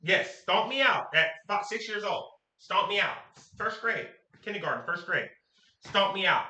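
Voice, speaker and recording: A man from Sacramento tells a story to camera in a slangy, animated way, his voice high and swinging. The tone is bright and sharp. He is recorded in an echoey room. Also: normal speed. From Sacramento, California. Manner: animated, slangy, acts out quotes.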